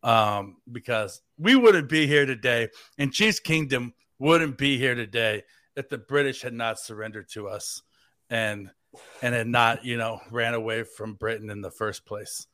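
A man's voice: mid-range voice, a little slow, sharp tone, no echo, clean studio sound. An American man hosting a casual sports podcast, rambling and joking, with lots of "like". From United States. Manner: rambling and jokey, heavy use of "like". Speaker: fill-in podcast host.

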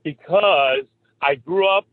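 A man with a New York accent calls in to a radio show, talking in a rambling, animated way and cutting off his own sentences. His voice sits high for a man. The call comes through a narrow, tinny phone line. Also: slow, no room sound. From Bronx and Long Island, New York. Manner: rambling, animated, self-interrupting. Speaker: caller. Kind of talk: phone-in chat.

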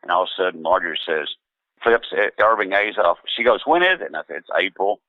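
A deep-voiced musician guest talks fast over a phone line in a dry recording, telling a casual anecdotal story. He's laid-back and rambling, with many fillers and restarts, and he puts on voices when quoting others.

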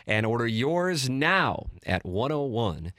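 A mid-pitched man hosts sports radio with quick jokes and brisk ad reads. His voice sounds dry and close to the mic. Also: no echo. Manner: lively and jokey, reading ads briskly.

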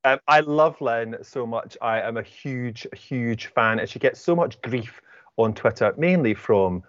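A man's voice: medium pitch, a little slow, a bit bright, no room sound, highs cut off. A man hosting an event, gushing as he introduces guests and reads out donation details. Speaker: host. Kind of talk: hosting a charity book event.

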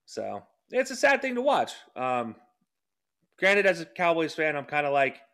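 A man co-hosting a casual sports podcast, talking quickly with sarcastic asides and laughs. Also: fairly high pitch, sing-song, a bit bright. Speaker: podcast co-host.

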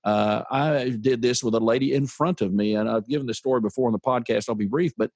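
Animated storytelling podcast host, man. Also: mid-range voice, a little fast, dry recording, studio quality. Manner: storytelling, animated, acts out quoted voices. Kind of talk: podcast interview.

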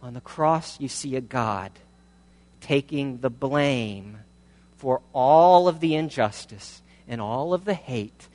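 A man's voice: medium pitch, lively intonation, slow pace, a little mellow. Emphatic male preacher in a reverberant hall. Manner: emphatic, builds through rhetorical questions and repeated phrases. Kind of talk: sermon.

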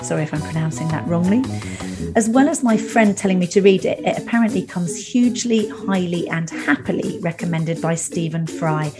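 A woman's voice: on the low side, moderate pace, music in the background. Teasing woman podcast host. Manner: teasing, swears freely. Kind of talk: casual podcast interview.

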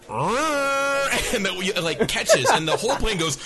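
A man's voice: high voice, very animated, slow, bright, forceful tone. A man telling a comic story in a casual, rambling way, full of "you know" and "like".

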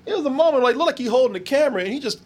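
A man co-hosting a casual movie talk, animated and profane, laughing often and acting out scenes. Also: very high voice, very fast. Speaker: movie review podcast co-host. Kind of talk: casual chat.

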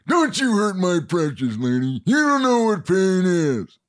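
A man's voice: high voice, very animated, a little slow, pitched above the performer's own voice. A man impersonating a creepy male movie killer, eerie and menacing.

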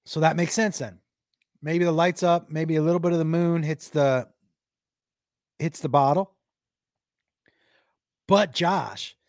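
A male comedian spins a rowdy stand-up story, swearing as he goes. His voice jumps all over the place, loud one moment and hushed the next. The sound is dry and close. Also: on the high side, dry recording. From Texas. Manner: animated, profane, swings loud and quiet. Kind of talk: crowd-work stand-up storytelling.

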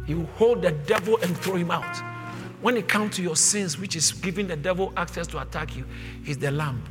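A male pastor preaching with passion, swinging from low murmurs to shouted refrains and repeating phrases for emphasis. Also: normal speed, long reverb tail, over music. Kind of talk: sermon.

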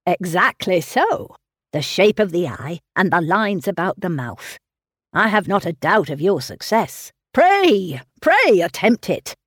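A woman voicing a gallant, fawning young gentleman, effusive and flattering in a slow, eager manner. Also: on the low side, slightly rough, no echo, studio quality, full character voice. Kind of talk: audiobook character reading.

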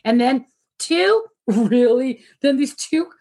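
A woman with a high, bright-pitched voice tells a story over a video call. She talks in an animated way and keeps breaking into laughter. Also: takes it slowly.

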